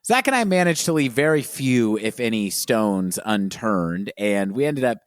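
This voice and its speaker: A man co-hosting a casual podcast, talking in an earnest, playful and animated way. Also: fairly low pitch, unhurried, no echo, clean studio sound. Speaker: podcast co-host.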